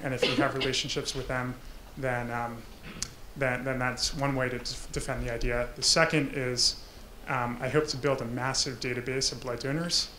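A man, a social entrepreneur, answering judges in a halting way, repeating words as he starts. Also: medium pitch, flat delivery, sharp tone, a little hiss or hum. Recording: echoey room.

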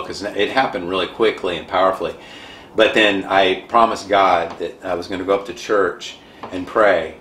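A man with a somewhat low voice tells a personal story with animated, dramatic energy. His voice rings in an echoey room. A faint noise sits under the recording. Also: normal speed. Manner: animated, self-described dramatic. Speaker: guest.

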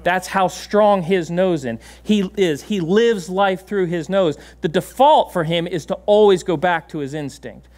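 A man preaching a sermon in a church, animated and laughing often, giving commands to a dog on stage. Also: high-pitched, unhurried, hardly any pauses. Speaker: pastor. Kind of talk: sermon with a live dog demonstration. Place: church sanctuary.

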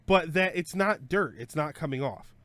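Rambling, joking man, slightly high voice. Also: lively intonation, normal speed, a bit bright, dry recording. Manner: rambling, joking, thinking aloud; self-correcting with frequent fillers. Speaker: streamer host. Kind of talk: casual live-stream chat.

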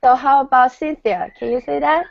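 A woman from China teaching a language lesson online, patient and clear, repeating words slowly for her learners. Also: high voice, fairly even intonation, a crowd in the background. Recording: dull lo-fi video call audio.

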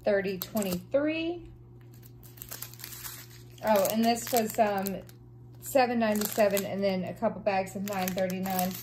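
A woman, chatting casually and gushing excitedly while unboxing craft supplies and reading out numbers. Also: medium pitch, unhurried, long pauses, noisy background. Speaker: craft vlogger.

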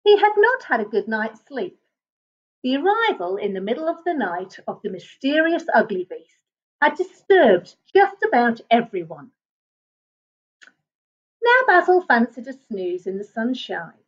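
Woman reading a picture book aloud, slow and lively. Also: on the high side, dull audio. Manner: expressive, gentle read-aloud. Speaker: storybook reader.

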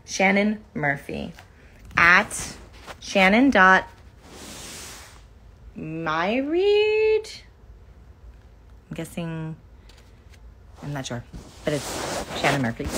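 A woman in her forties talks slowly and casually into a phone livestream, sounding tired. Her voice sits a little low. She reads fan cards aloud with lots of "like" and small fillers. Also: big pitch swings, sharp tone. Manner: reading fan cards aloud, chatty with frequent "like". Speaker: actress thanking fans on a livestream. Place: indoor room with couches.

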